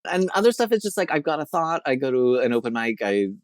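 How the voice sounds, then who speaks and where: A man's voice: fairly high pitch, very animated, fast talker, no room sound, clean studio sound. A man from Canada, a veterinarian and comedian, chatting as a guest in a rambling, self-mocking way. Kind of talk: casual interview chat.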